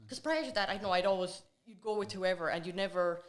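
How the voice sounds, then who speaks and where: A woman's voice: medium pitch, quick pace. A woman chatting as a podcast guest, telling stories in a loose, rambling way with many fillers. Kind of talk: casual chat.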